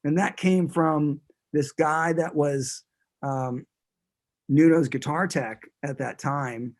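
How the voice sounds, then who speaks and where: A man's voice: on the high side, steady tone, slow pace. A man who is a guest musician, chatting casually in an interview and talking in a rambling way, with many restarts.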